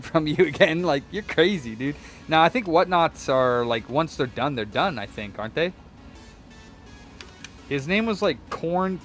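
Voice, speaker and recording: A young man chatting casually as he fixes a controller, rambling through a story, swearing and mimicking people in a higher voice. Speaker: repair shop vlogger. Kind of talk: casual chat while repairing a controller.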